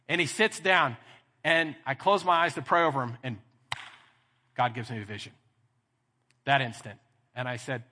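Bright, husky Texan pastor preaching. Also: male voice, mid-range voice, normal speed, long pauses, big-room sound. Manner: animated storytelling, acting out dialogue. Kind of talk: sermon. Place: church sanctuary.

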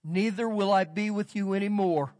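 A man preaching a sermon as pastor, reading scripture aloud and switching between loud emphasis and quiet asides. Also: sits high, moderate pace, big-room sound. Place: church sanctuary.

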